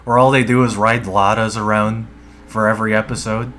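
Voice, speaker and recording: A streamer plays a dungeon game and chats casually, rambling, relaxed and swearing a lot. His voice is lowish and fairly bright, with little pitch movement and a brisk pace.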